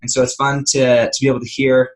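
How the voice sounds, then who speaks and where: A man's voice: medium pitch, little pitch movement, fast talker, low-quality recording. A man hosting a podcast, introducing his guest in an upbeat, grateful way. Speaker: podcast host. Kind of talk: casual interview introduction.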